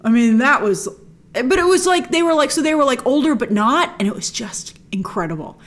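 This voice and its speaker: A woman hosting a casual spoken film review, animated and emphatic, with frequent restarts. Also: sits high, brisk. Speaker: movie review host.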